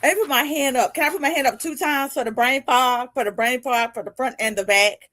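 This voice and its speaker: A woman's voice: high-pitched, a little fast, a bit bright. A woman in her fifties hosting a casual live video chat as a podcast host and coach. She talks animatedly, laughs often and acts out little dialogues. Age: 50s.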